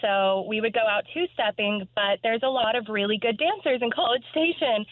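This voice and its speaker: A bubbly woman calls in and tells her story with a laugh at herself. Her voice sits a little high and comes through a tinny phone line, dry and close. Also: normal speed, no echo. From Texas. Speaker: caller. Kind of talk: telling a story on a radio call-in.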